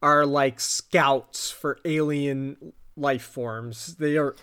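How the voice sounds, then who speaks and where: Slow-talking man recapping an episode. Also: clean tone. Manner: animated retelling, acts out quotes in high voices, laughs often. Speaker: podcast co-host. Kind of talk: casual recap chat.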